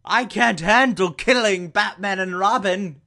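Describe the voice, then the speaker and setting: A reluctant femme fatale from an old TV show, as a man mimics her while recapping. The lines come out slowly and drawn out, in a bright, mock-earnest tone. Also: high-pitched, gravelly, pitched above the performer's own voice, heavily acted. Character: reluctant female villain's accomplice, femme fatale.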